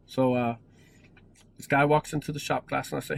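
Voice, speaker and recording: Gravelly man in his forties, rambling. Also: medium pitch, level tone, moderate pace, low-quality recording. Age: 40s. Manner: rambling, many restarts and self-corrections. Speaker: vlogger. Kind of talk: casual storytelling.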